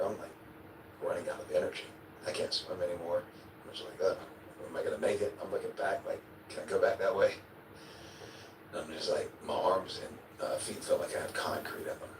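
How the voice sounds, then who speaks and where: A man being interviewed, telling a vivid story in a casual way, acting out his own quotes and now and then swearing or chuckling. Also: sits low. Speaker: interview guest. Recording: echoey, distant, noisy replayed clip.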